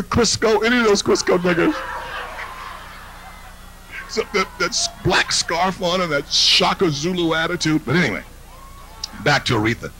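A man's voice: sits high, pushed and bright, slight background noise, low-quality recording. A man performing a live stand-up routine, brash and mocking, with confiding asides to the crowd. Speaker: stand-up comedian. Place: comedy stage.

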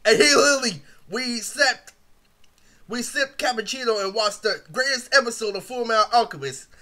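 A man's voice: very high-pitched, normal speed, pushed and bright. A young man telling a rambling, profane story in a casual vlog, full of fillers. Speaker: vlogger.

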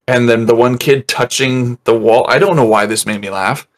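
Man, casual movie-review host, rambles, curses, mimics scenes; mid pitch. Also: moderate pace. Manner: rambling, swearing, acts out scenes in voices.

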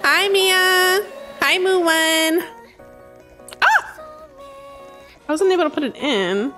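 A woman hosting a live gaming stream, bubbly, greeting and thanking her chat nonstop with excited gasps. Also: very high voice, a little slow, soft background music. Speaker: live-stream gamer host.

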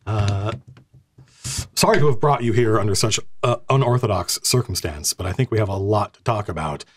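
A man's voice: on the low side, moderate pace, husky. A man voicing an old, civilized male orc who leads a resistance and speaks in a formal, courteous way. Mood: grave.

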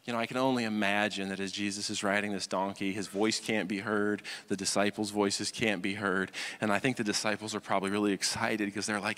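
A man preaching a sermon as pastor, talking conversationally and checking in with listeners. He swings between loud, animated stretches and hushed, quiet ones. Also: fairly low pitch, a little fast, hardly any pauses, long reverb tail. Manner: acts out quoted voices, swings from loud to hushed. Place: church sanctuary.

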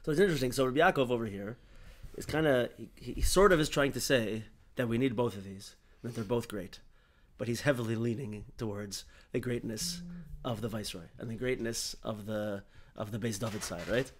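Middle-pitched man teaching Torah. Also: brisk, few pauses. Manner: animated, explaining with many restarts. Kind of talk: Torah study discussion.

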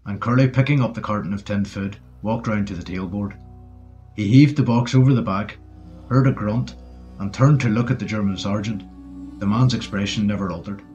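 A man narrating a war story audiobook in a steady storytelling manner. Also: fairly low pitch. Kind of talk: scripted narration. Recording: dull lo-fi audio with faint music.

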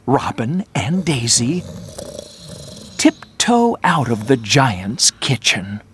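Children's story reader, very slow, lively intonation, clear delivery. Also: medium pitch, a little hiss or hum. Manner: slow, clear, expressive reading. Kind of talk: children's story read-aloud for English learners.

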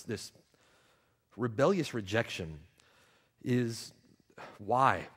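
A male pastor preaching a sermon, repeating his questions and swinging from hushed reflection to loud, pleading appeals. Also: mid-range voice. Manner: rhetorical repetition and questions.

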